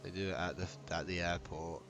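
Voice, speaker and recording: Deep-voiced British man, joking commentator. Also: fairly even intonation, brisk, a bit bright. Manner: joking, swears, trails off with ums. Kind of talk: casual race commentary.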